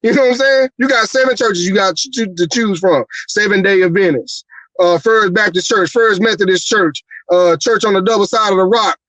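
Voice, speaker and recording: A man's voice: sits high, moderate pace, a bit bright, no echo, poor audio. Heated, profane man ranting. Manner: profane, heated rhetorical questions. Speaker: show host. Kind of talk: ranting livestream talk show.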